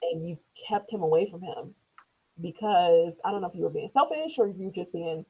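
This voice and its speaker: A woman, an interview guest, telling a personal story in a loose conversational way, acting out quoted speech in higher voices. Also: expressive, moderate pace, breathy edge. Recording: tinny phone-like lo-fi audio.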